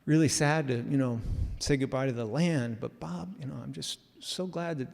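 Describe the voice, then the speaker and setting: A man voicing a friendly, rough-edged older rural man in a chirpy, eager way, heard in a reverberant hall. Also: extremely high pitch, big pitch swings, moderate pace, pitched above the performer's own voice. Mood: tearful, soft.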